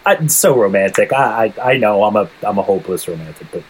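A man's voice: lowish voice, animated, fast, breathy edge, low-quality recording. A man co-hosting a casual anime discussion podcast, laid-back and jokey, laughing easily. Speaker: podcast co-host.

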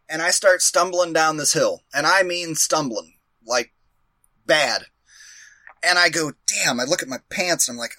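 A man with a bright, slightly high voice tells a rambling story, casual and profane, laughing at himself. The sound is dry and close, with no room around it. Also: animated, moderate pace, pauses often, dry recording. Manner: rambling, profane, self-mocking.

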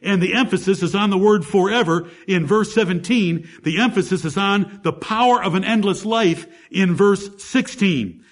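A man's voice: high voice, moderate pace, hardly any pauses. A man preaching a sermon, teaching through Bible verses one by one in an emphatic way and asking the congregation rhetorical questions.

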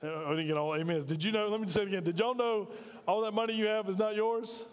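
A man's voice: high voice, fairly even intonation, fast talker, clear, resonant tone, big-room sound. A man preaching a sermon as pastor, talking conversationally and drawing call-and-response from his congregation in a large church. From United States.

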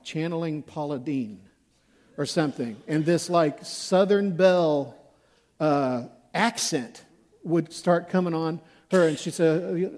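A male pastor delivers a casual, self-deprecating sermon. His voice sits high for a man. He speaks slowly and unhurriedly, like he is chatting with the congregation. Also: a little mellow. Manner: conversational, self-deprecating, acts out examples.

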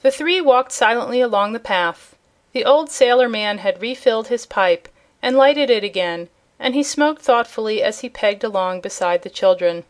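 A woman narrating a storybook chapter in an even, clear storytelling manner. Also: a little high, moderate pace. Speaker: audiobook narrator.

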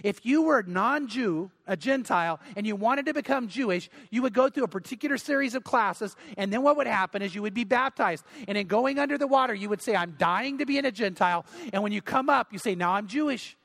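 High-voiced earnest male pastor preaching. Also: expressive, a little fast, hardly any pauses, a bit bright. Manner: earnest, pleading, repeats words for emphasis. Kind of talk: sermon.

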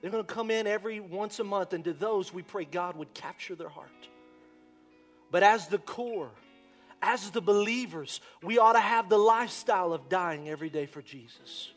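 Impassioned high-voiced male pastor preaching. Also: normal speed, soft background music. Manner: impassioned, swinging from shouts to near-whispers. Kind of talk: sermon.

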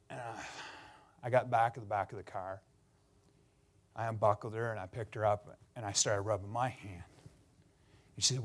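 A middle-aged pastor from Canada giving a sermon, telling personal stories in an earnest, sometimes emotional way. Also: male voice, fairly low pitch, steady tone, moderate pace, pauses often.

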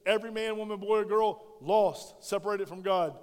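A pastor preaches a sermon in an animated, conversational way, asking his congregation questions directly and shifting between loud emphasis and hushed, intimate moments. His voice is high and clean, delivered at normal speed. The church sanctuary adds a long hall reverb.

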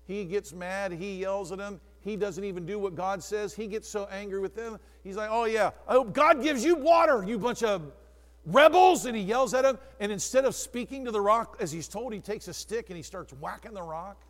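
Male preacher, high-pitched, dramatic, moves from near-whisper to shouting, long room reverb. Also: fairly quick, hardly any pauses. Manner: addresses congregants by name, swings from hushed to shouting. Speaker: pastor. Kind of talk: sermon.

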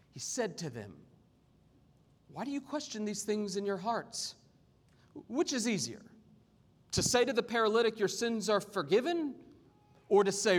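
A male pastor preaching a sermon, reading scripture with expression and speaking warmly and humorously to his congregation. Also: a little high. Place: church sanctuary. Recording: long hall reverb.

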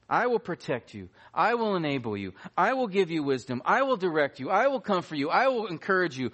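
Emphatic preacher, higher-pitched man. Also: very animated, a little fast, hardly any pauses, fairly bright tone. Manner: emphatic, repeats key phrases for weight. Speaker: pastor. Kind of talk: sermon.

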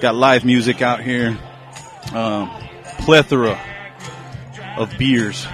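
A man's voice: medium pitch, steady tone, slow pace, long pauses, a bit bright, soft background music. A man podcasting at an outdoor beer festival, chatting loosely and cursing, a little out of breath. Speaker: podcast host. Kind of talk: casual chat at a beer festival. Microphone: handheld mic.

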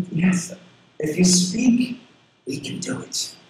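Male pastor, earnest storyteller, pitch leaps around a lot; heavy echo of a big room, faint noise underneath. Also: extremely slow. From southern Florida. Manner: earnest, personal storytelling with lively pitch swings. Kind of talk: sermon.

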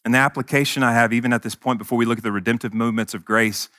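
A man's voice: medium pitch, steady tone, rapid-fire, a bit bright, no echo, studio quality. Earnest man preaching a casual sermon. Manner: earnest, conversational, self-deprecating humor. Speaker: pastor.

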